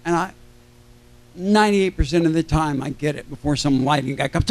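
An older man with a notably high voice tells loose, jokey stories from a convention panel stage. He keeps breaking off mid-sentence and circling back. Now and then he acts out the people he quotes. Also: normal speed. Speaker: celebrity panel guest. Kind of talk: rambling anecdotal storytelling.

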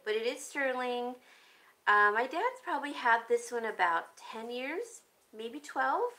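A woman's voice: a little high, big pitch swings, sharp tone, poor audio. A woman chatting casually on a live stream, showing jewelry and muttering to herself as she fiddles with her phone. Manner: unhurried, chatty, self-talk while fiddling with her phone.

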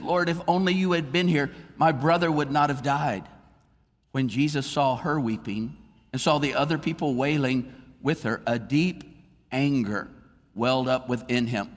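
Male pastor, mid-pitched, sermon delivery with dynamic swings, reverberant church room. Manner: expressive preaching, drops soft and slow for emotional moments.

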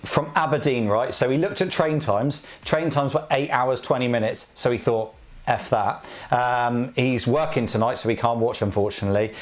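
A man's voice: medium pitch, normal speed. A man co-hosting a live prize draw, chatty and cheeky in casual banter. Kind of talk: casual live-stream chat.

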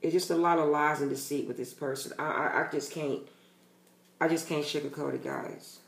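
A man's voice: a little high, fairly even intonation, moderate pace, creaky, reverberant. A man giving a casual tarot reading to his channel's viewers, talking bluntly and emphatically and swearing freely. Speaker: tarot reader.

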